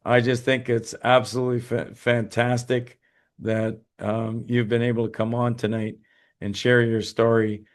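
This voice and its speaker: A man hosts a webinar over a video call and answers viewer questions. He sounds tired and talks haltingly, with many fillers and restarts. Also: medium pitch, flat delivery. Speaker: host. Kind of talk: webinar talk and Q&A.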